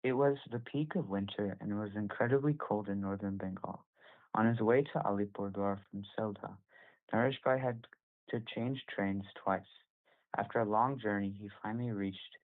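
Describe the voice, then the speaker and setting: Low-ish guy reading a story out loud, steady, fixes his words now and then, phone-line sound. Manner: steady reading with small self-corrections. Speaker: reader at a group scripture session. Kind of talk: reading a devotional story aloud. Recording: tinny phone-like call audio.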